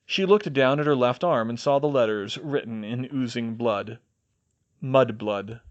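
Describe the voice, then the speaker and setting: A man narrating a fan fiction audiobook in an expressive reading voice. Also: mid-range voice, unhurried. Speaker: audiobook reader.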